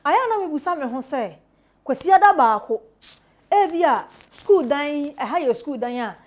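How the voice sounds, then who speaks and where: A woman's voice: high-pitched, big pitch swings, moderate pace, darkish tone. A woman interviewing a guest, listening attentively and prompting him with short replies and questions. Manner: attentive, prompting with frequent backchannels. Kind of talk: conversational interview.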